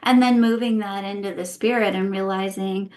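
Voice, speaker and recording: A woman guest on a podcast walks through her thinking in a relaxed, conversational way. She keeps checking in with "right?" and asks herself rhetorical questions as she explains. She speaks at a middle pitch. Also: normal speed. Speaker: guest, intuitive healer and former therapist.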